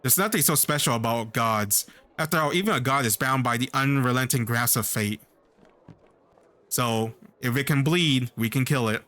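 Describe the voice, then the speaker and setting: A man's voice: medium pitch, moderate pace, bright, forceful tone, close to an everyday voice. A man reading the lines of a mocking, lofty woman who lectures about gods in a video game. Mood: musing.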